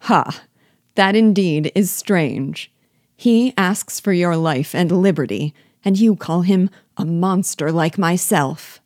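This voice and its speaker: A woman's voice: on the low side, slow, a little mellow, dry recording, studio quality. A woman voicing a scheming, sardonic male rebel chief with a sly, falsely frank manner in an audiobook reading.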